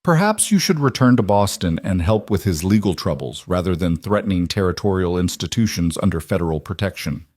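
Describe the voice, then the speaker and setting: A man voicing a composed senator, cool and quietly cutting, in a low, dry storybook reading. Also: lively intonation, brisk, few pauses, dry recording. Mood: cold. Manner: cold, composed.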